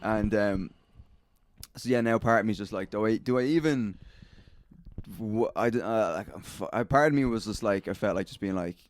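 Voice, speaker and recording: A man's voice: on the low side, moderate pace. A man, rambling through a sweary story in a casual podcast chat. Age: late 20s. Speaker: podcast co-host.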